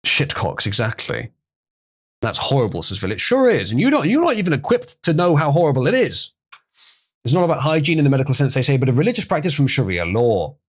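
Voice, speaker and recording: A man's voice: medium pitch, breathy edge. A man hosting a livestream, reading an article aloud and breaking in with sarcastic, crude remarks. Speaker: livestream host.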